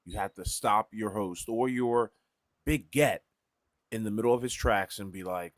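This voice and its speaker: A man co-hosting a casual podcast, giving measured opinions while eating. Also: fairly low pitch, no echo. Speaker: podcast co-host. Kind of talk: casual chat.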